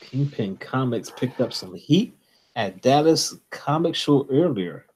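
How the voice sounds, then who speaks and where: A man co-hosting a casual comics livestream, excited and enthusiastic as he chats. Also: mid-range voice, unhurried, slight background noise. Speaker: co-host.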